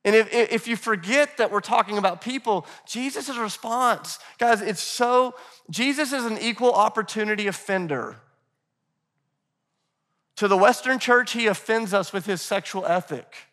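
A man's voice: high voice, moderate pace, sharp tone. A man preaching a sermon in a church, talking casually and calling the congregation "guys.". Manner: acts out quoted voices of scripture figures. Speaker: pastor. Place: church in Nashville.

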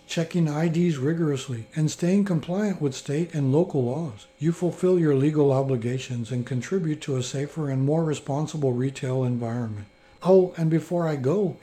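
A man reads a training lesson in a steady, instructive way. his voice sits a bit high but sounds mellow and dark. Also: normal speed. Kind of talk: scripted training narration.

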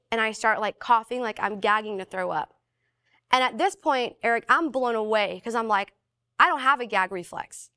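Animated young woman telling a personal story. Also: a little high, clean tone. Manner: animated, fillers of "like", acts out quoted voices. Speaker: guest sharing a personal testimony. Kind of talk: casual storytelling.

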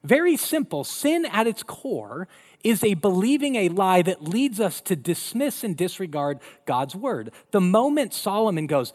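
This Colorado-raised, middle-aged pastor has a high voice and a moderate pace. In his sermon he shares family stories, animatedly acting out voices as he goes.

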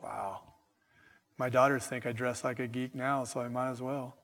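A middle-aged man preaching a sermon with slow, emphatic delivery and chatty asides to his congregation. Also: medium pitch, flat delivery, fairly bright tone, long reverb tail. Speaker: pastor.

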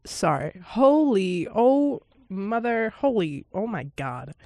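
A woman's voice: mid-range voice, slow pace, dry recording. Giggly, chatty woman with a dry close sound. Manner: chatty and giggly, often laughing mid-sentence; excitable, exclaiming in surprise. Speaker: podcast host. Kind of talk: casual podcast film reaction.

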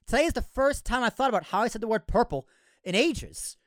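Lively fast-talking man with Boston accent. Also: very high-pitched, no room sound, clean studio sound. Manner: animated, repeats himself, stumbles over words. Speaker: podcast host. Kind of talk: casual chat.

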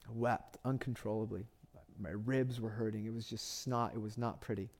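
A man's voice: lowish voice, steady tone, moderate pace, darkish tone, a little hiss or hum. A man, a pastor preaching a sermon with impassioned storytelling and repeated phrases for emphasis.

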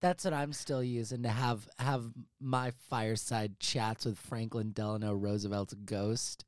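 A man's voice: fairly low pitch, fairly even intonation, a little slow, no echo, clean studio sound. A man hosting a casual comedy movie podcast from a home office, talking in a profane, hyperbolic, rambling way. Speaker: podcast host.

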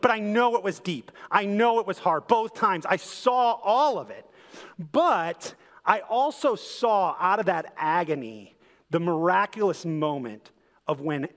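Young male pastor, high-pitched tenor voice, earnest storytelling sermon with a long church-hall reverb. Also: fairly bright tone. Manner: earnest, conversational storytelling with rising intensity. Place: church sanctuary.

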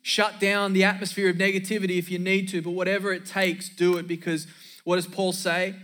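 A man's voice: sits high, little pitch movement, fairly quick, fairly bright tone. A man preaching a sermon as pastor, emphatic, repeating key lines for effect and dropping in joking asides.

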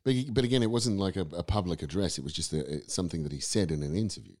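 Man, Australian accent, extremely low voice, thoughtful, restarts sentences often. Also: racing, a little mellow. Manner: thoughtful, rambling with frequent restarts. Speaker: guest actor and acting teacher. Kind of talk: casual podcast discussion.

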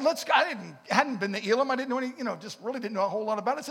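A middle-aged man preaching a sermon and telling his own story, swinging between loud bursts and hushed asides. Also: high-pitched, lively intonation, fast, slightly rough. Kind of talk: sermon with personal testimony. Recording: echoey hall, long reverb.

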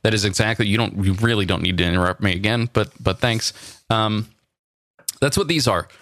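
A man's voice: lowish voice, fairly quick, fairly bright tone, no echo. Rambling man on a casual podcast. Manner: rambling, restarts, dry asides. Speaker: podcast co-host. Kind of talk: casual chat. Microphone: video call.

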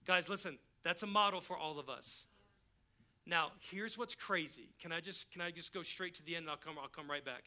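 High, sharp-voiced male preacher. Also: fairly quick. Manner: casual, emphatic preaching that acts out the people he quotes. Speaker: pastor. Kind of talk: sermon.

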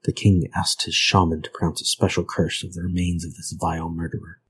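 A man reading a grim old folk tale aloud in a measured, grave manner. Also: deep voice, level tone, slight background noise, poor audio. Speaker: narrator.

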